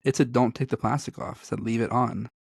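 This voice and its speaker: A man's voice: medium pitch, fairly even intonation, brisk, creaky, a little mellow, husky, no echo, clean studio sound. Rambling, laughing male podcast co-host. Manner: rambling, self-deprecating, laughs often. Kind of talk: casual chat.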